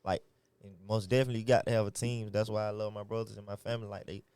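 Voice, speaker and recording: A man's voice: fairly low pitch, little pitch movement, rapid-fire, darkish tone, smooth, no room sound. A young man from Atlanta with an Atlanta accent, a rapper giving laid-back, slangy answers in an interview. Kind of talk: casual interview chat.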